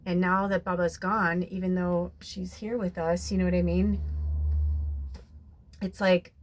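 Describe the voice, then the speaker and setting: A young adult woman who is a spiritual medium doing a card reading speaks in a lowish, darkish voice, with slight background noise. She talks about personal things in a casual, rambling, emotional way, full of "like" and "you know", then leads a guided meditation.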